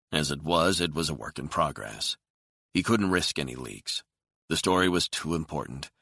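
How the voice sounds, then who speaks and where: A man narrating a thriller audiobook in a steady, measured reading. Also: a bass voice, creaky, no echo, studio quality.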